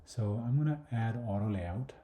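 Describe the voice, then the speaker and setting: His voice sits on the low side, with lively intonation and a moderate pace, against background noise in an echoey room. He's doing a screen-recorded design walkthrough, thinking aloud hesitantly with many fillers and restarts and often dropping to a mutter or whisper.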